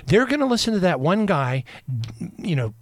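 A man's voice: high-pitched, sing-song, normal speed, no echo. Preachy male radio host, dry sound. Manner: emphatic, repetitive, preaching. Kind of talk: rambling preachy radio monologue.

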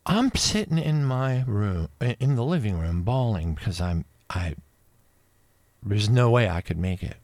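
Excitable man in his fifties sharing testimony. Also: lowish voice, unhurried, no room sound. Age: 50s. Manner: excited, emotional storytelling with rising outbursts; rambling with many restarts and asides. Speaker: religious video speaker. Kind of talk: personal testimony.

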